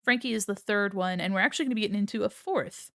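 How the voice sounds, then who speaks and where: During a casual live stream, a young woman VTuber draws while giggling and talking with her viewers, her mid-range, fairly bright voice racing along with a slight valley-girl lilt she says makes her sound a bit like a valley girl. The audio is studio quality with no room sound.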